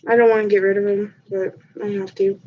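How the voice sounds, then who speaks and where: A woman's voice: mid-range voice, level tone, fairly quick, a little hiss or hum. A woman vlogger chatting casually to camera, rambling with ums and restarts, stuffed up from a cat allergy. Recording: dull lo-fi recording.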